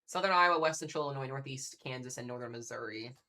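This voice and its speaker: A fast-talking man runs a live storm-coverage stream from home, his voice bright and forceful. He chats eagerly and speaks directly to the people watching. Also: mid-range voice. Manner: chatty, excitable, talks straight to viewers. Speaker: severe weather live streamer. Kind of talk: casual live weather commentary.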